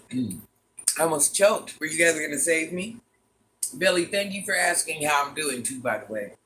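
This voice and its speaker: A man's voice: on the high side, lively intonation, normal speed, sharp tone, a little hiss or hum. A man hosting a casual livestream in a granny persona, chatty and dramatic, greeting viewers by name and repeating lines for effect. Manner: chatty, dramatic, calls viewers "child" and "honey bun".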